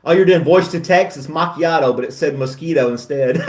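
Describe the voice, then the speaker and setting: A man's voice: on the high side, roomy sound, recorded from a distance. A middle-aged man hosting a casual chat, talking in a chatty, self-deprecating way and laughing often. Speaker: host.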